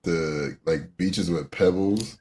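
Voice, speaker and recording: Low-voiced man rambling casually. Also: takes it slowly, dark tone. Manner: rambling, many restarts and fillers. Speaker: co-host. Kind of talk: casual chat.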